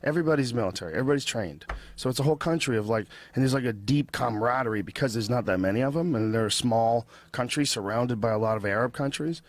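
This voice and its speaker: A man hosting a podcast, telling a story in relaxed, chatty conversation. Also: mid-range voice, fast, hardly any pauses. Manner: relaxed, chatty, puts on mock accents when quoting. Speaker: podcast host. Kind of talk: casual storytelling chat.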